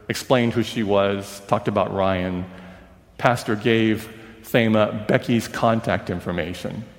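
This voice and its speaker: Man, sermon story, acts out quoted voices, hushed at tender moments, long echo. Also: lowish voice. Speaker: preacher. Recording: long reverb of a large hall.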